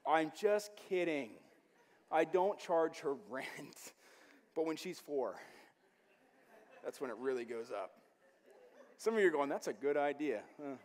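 High-voiced joking male pastor. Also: animated, unhurried, pauses often. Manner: joking, conversational preaching. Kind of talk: sermon. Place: church.

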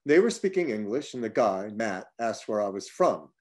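A man's voice: on the low side, sing-song. Man reading his travel essay. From United States (upstate New York). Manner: measured reading, slowing on lists, with casual spoken asides. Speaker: writer reading his own work.

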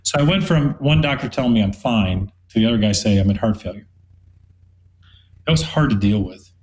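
A man's voice: lowish voice, expressive, a little fast, darkish tone, poor audio. Earnest middle-aged man telling his story. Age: 50s. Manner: earnest storyteller, acts out quoted dialogue. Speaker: interview guest. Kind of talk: personal testimony in an interview.

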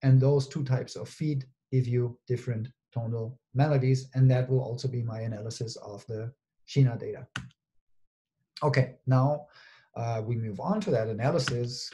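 A man presenting an academic conference talk, explaining step by step with pauses and frequent checks like "right?". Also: mid-range voice, warm tone, a little hiss or hum. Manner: hesitant, with frequent pauses and fillers.

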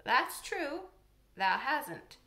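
A woman voicing a gruff, cross old male gardener who talks loudly and bluntly in country speech. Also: sits high, sing-song, very slow, heavily acted. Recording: roomy echo.

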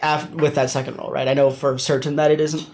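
A woman's voice: low voice, flat delivery, a little fast, a little mellow. A woman playing a tabletop role-playing game, talking casually with many restarts. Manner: casual, hesitant, lots of restarts. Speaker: player. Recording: echoey room with faint noise.

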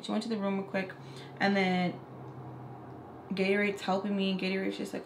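A woman's voice: medium pitch, fairly even intonation, fairly quick, long pauses, a little hiss or hum. A young woman makeup artist telling a casual storytime, chatty and profane, acting out the people she quotes. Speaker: makeup artist and beauty vlogger. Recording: echoey room.

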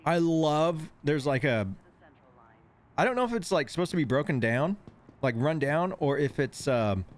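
A man's voice: a little high, expressive, moderate pace. A man streaming a game live, rambling and distracted, slightly lisping after dental work and on painkillers. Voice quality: slightly lisping from missing front teeth. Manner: rambling, easily distracted, giggly. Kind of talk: live gameplay commentary.

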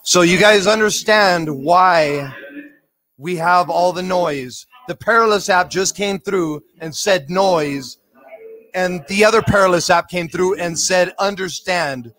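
High-voiced man questioning spirits. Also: slow, faint music behind. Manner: hushed questions to spirits, bursts of excited shouting. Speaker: paranormal investigator. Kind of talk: spirit box session commentary.

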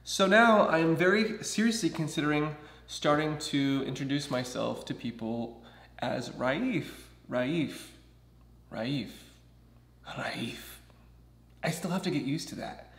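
A man's voice: a little high, normal speed, fairly bright tone, reverberant. A man in his thirties from Southern California, talking candidly in a casual personal vlog and acting out what other people said to him. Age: 30s. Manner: chatty, candid, acts out other people's lines. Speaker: vlogger.

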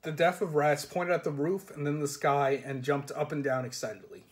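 A man reading a comic fantasy novel aloud with lively narration. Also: a little high, moderate pace, slight background noise. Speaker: reader.

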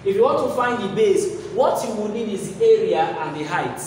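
A man's voice: high voice, animated, moderate pace, a little mellow, slight background noise. A man teaching a maths lesson, asking rhetorical questions and repeating key phrases. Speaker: mathematics teacher. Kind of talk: classroom lesson. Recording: echoey hall, voice from far off.

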